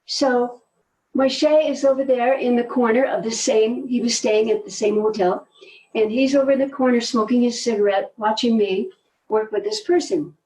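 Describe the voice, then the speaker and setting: An older woman telling stories in a relaxed conversation, animated and laughing often, often trailing off mid-sentence. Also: on the high side, normal speed, recorded from a distance, rough recording. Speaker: guest, movement teacher. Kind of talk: conversational storytelling.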